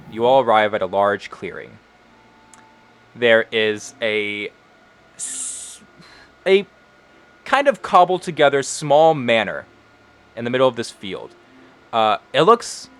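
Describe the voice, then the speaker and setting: A man's voice: medium pitch, a bit bright. Casual game master man narrating. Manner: casual, with many fillers like uh and kinda.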